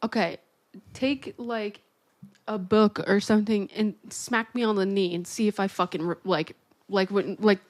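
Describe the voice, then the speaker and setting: A woman's voice: medium pitch, fairly even intonation, unhurried. A woman co-hosting a podcast in casual chat, reacting with disbelief and swearing often. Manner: incredulous reactions, frequent swearing. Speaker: podcast co-host.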